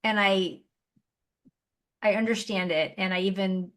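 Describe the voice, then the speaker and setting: A woman hosting a podcast, asking her guest measured, probing questions. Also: mid-range voice, steady tone, fairly bright tone. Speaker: podcast host. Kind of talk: podcast interview.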